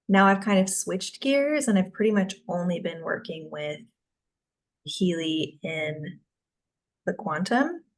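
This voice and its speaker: A woman guest in a casual chat who rambles, packing her talk with filler words and restarts. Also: fairly low pitch.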